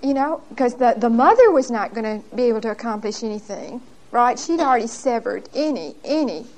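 A woman teaching a Bible study in a church, emphatic and animated, laughing at herself as she tells stories. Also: high voice.

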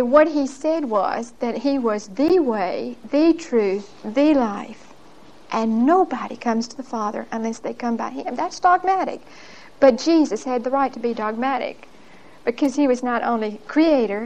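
Recorded roughly, this Bible teacher speaks with a fairly high-pitched female voice. Her storytelling is folksy and emphatic, full of energy and frequent laughter.

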